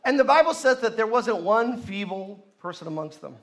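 A man's voice: high voice, lively intonation, moderate pace. A male pastor preaching a sermon at a church service, leading the congregation in call and response.

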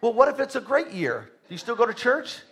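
A man preaching a sermon as pastor, emphatic, swinging between loud bursts and soft asides, asking the congregation questions. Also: very high-pitched, sing-song, fairly quick.

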